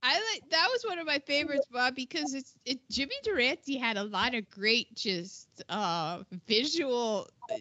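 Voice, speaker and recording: A woman chatting casually about an old film, animated and quick to laugh, often trailing off mid-sentence. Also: sits high, no echo, muffled recording.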